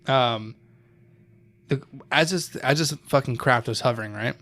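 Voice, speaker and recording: Podcast co-host, young man, mid-pitched, casual storyteller who swears and rambles. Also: unhurried, a bit bright. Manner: loose, swears often, laughs, loses his thread. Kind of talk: casual chat.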